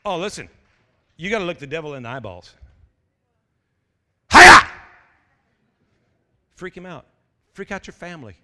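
Fiery high-voiced preacher in a reverberant hall. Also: male voice, fast talker. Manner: animated, stammering restarts, shouted exclamations, jokey asides. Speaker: pastor. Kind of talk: energetic sermon.

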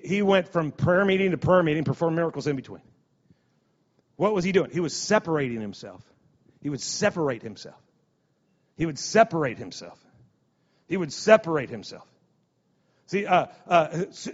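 A man's voice: high voice, a bit bright. A male pastor preaching a sermon in a conversational, repetitive way, often restarting his sentences. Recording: dull sound with long hall reverb.

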